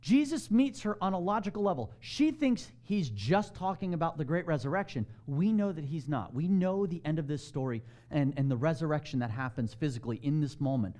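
Lively-voiced preacher man talking to a congregation. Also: on the high side, brisk, hardly any pauses. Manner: conversational preaching, asks the room questions. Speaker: pastor. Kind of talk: sermon.

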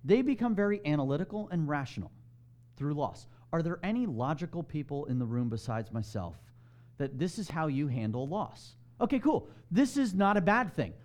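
A man's voice: fairly high pitch, very animated, normal speed, darkish tone. A man preaching a sermon in a conversational way, asking his congregation questions. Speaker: pastor.

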